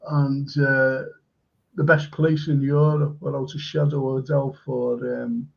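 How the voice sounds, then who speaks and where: A man's voice: mid-range voice, flat delivery, unhurried, creaky, dull audio. A man hosting a live-stream chat, telling stories enthusiastically with lots of fillers. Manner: rambling, enthusiastic storytelling with many fillers. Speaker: host.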